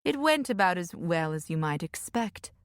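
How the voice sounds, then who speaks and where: A dry, commanding older noblewoman, as a woman reader puts her on, with a low throaty laugh and a soft lilt. She keeps her poise and wry edge even when speaking low. The recording is close and dead. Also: moderate pace, no room sound.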